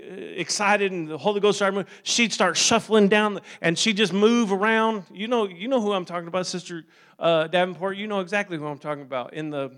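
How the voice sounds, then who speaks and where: A man's voice: high-pitched, fairly bright tone. A middle-aged male pastor preaching a sermon, conversational at first and then rising into fervent preaching.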